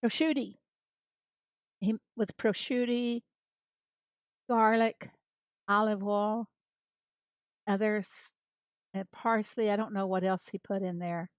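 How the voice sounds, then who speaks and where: A woman's voice: mid-range voice, fairly even intonation, slow, long pauses, dry recording. Chatty American woman streaming a game. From United States. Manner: chatty, laughs often, greets viewers by name. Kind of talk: casual livestream chat.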